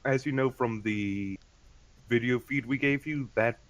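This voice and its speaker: A man's voice: medium pitch, a little slow. A man playing a tabletop game, speaking hesitantly and with care. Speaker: player. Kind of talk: casual tabletop role-play.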